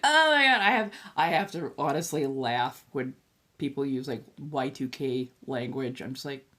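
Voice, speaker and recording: A woman's voice: a bass voice, normal speed. A woman in her thirties hosting a casual livestream, ranting with lots of swearing and laughter. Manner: profane, animated ranting with frequent laughter. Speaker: livestream host and tarot reader.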